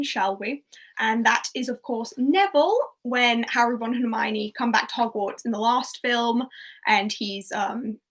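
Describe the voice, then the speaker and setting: A young woman runs a quiz over a livestream in a relaxed, talkative way, with a slightly high voice. She laughs easily between questions and reads each one out twice so everyone can follow. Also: slightly rough, poor audio. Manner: chatty, laughs often, reads out and repeats quotes. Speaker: quiz host. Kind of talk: casual livestream quiz hosting.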